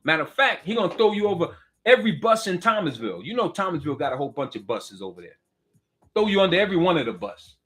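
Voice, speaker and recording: A man's voice: fairly high pitch, very animated, quick pace, fairly bright tone. A middle-aged man, delivering a heated political rant. He preaches with fire, repeats himself and throws direct questions at the listener. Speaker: political commentator.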